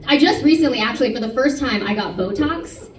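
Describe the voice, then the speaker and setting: High-voiced woman comedian on stage. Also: brisk. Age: 30s. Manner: animated, self-mocking, chatty with the crowd. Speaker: stand-up comedian. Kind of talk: stand-up comedy set. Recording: roomy club sound from a distance. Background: audience laughter.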